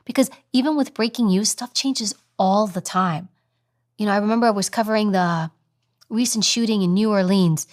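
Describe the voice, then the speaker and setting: A woman at a medium pitch speaks as an interview guest. She talks emphatically and acts out other voices to make her point. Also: moderate pace. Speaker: TV news presenter, former agent. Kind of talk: interview advice talk.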